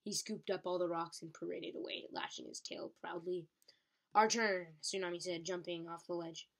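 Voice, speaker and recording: A woman reading a novel chapter aloud at a steady pace. She stumbles on a word now and then and corrects herself. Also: on the low side, brisk. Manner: steady, occasional slips and self-corrections. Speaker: reader.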